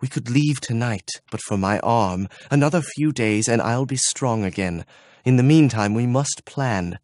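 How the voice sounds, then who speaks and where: A hopeful young man full of plans, read by a male narrator, speaking with reassuring energy. His mid-pitched voice is close and dry, like a storybook reading. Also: a little slow, darkish tone, no echo, close to an everyday voice. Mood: eager.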